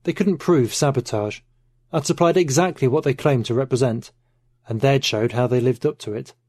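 This audiobook narrator, a man, reads a first-person novel aloud with an even, measured storytelling style. His voice falls in the mid range, and the studio-quality recording carries no room sound.

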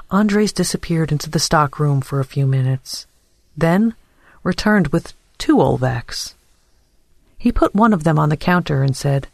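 Audiobook narrator, unhurried even read, dry close mic. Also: medium pitch, creaky, no room sound. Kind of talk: scripted narration.

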